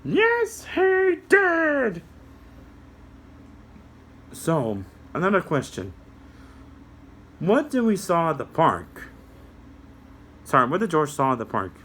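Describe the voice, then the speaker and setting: A man telling a story to young children, speaking slowly and calling out to the boys and girls. His pitch swoops widely up and down and sits a little high for a man. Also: breathy edge. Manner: slow, animated, addresses kids directly.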